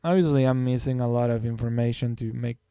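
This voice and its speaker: A man's voice: mid-range voice, fairly even intonation, fast talker, warm tone, clear, resonant tone, no echo. A man streaming his drawing, talking casually to himself and his viewers in a rambling, self-correcting way. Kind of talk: casual thinking-aloud while drawing.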